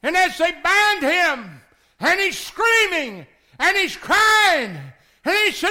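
A man in his sixties preaching a passionate sermon, shouting one moment and pleading quietly the next. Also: high voice, sing-song, slow pace. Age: 60s. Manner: impassioned, swings from shouting to hushed pleading. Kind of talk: revival sermon.

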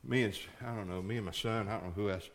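A middle-aged male pastor preaching a sermon in a church, folksy, moving between quiet storytelling and shouted climaxes. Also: fairly low pitch, fairly even intonation, quick pace.

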